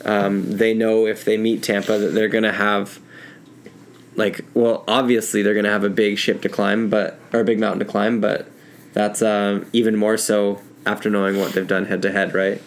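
Low-voiced rambling man reading stats. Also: level tone, normal speed. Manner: rambling, many ums, looks up stats. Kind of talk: casual hockey chat.

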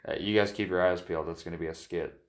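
Male co-host, very low voice, relaxed joking storyteller. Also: quick pace. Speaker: podcast co-host. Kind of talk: casual chat.

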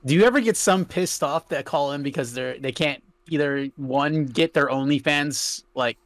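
A young man voicing a brash, crude dude-bro caller in a loud, swaggering voice. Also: a little high, normal speed, no echo, lightly acted. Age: young adult.

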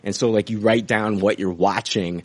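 A man's voice: fairly low pitch, steady tone, normal speed. A man hosting a podcast, rambling casually with lots of swearing and laughing at his own jokes. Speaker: podcast host. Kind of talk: casual profane banter.

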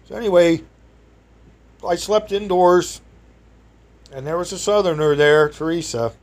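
A storyteller with a high-pitched voice speaks a little slowly, winding through a chatty personal anecdote before an audience and breaking into exclamations and chuckles.

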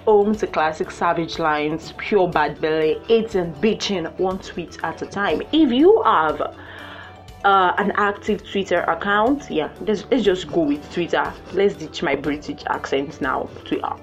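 Young woman chatting on her podcast, lowish voice, playful, bursts up high when excited, muffled audio with faint music behind. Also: a little slow. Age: young adult. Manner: playful and animated, with sudden excited high exclamations. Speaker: podcast host. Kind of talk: casual solo podcast chat.

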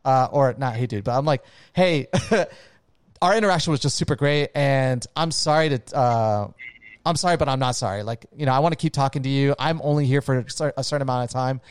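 A man's voice: mid-range voice, fast talker, smooth, dry recording. A man telling a long story in casual chat, rambling with lots of "like" and "dude" and casual swearing.

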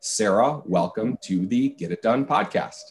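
A man hosting a podcast interview, speaking in a halting way with lots of filler words. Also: fairly low pitch, expressive. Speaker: podcast host. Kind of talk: casual interview chat.

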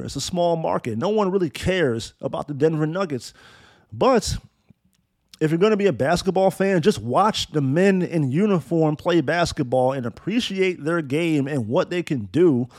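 A man's voice: sits high, a little mellow, dry recording. A man hosting a casual sports talk show, ranting bluntly and sarcastically, with swearing and frequent restarts. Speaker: basketball podcast host. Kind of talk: casual opinionated sports rant.

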